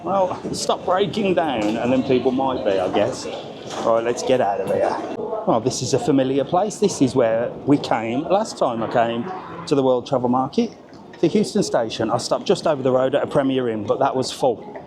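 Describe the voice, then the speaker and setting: A man's voice: mid-range voice, lively intonation, moderate pace. A man from Birmingham with a Brummie accent, vlogging casually on the move through train stations, chatty and grumbling, swearing offhand. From Birmingham area, England. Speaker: travel vlogger. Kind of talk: casual vlog. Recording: noisy station ambience.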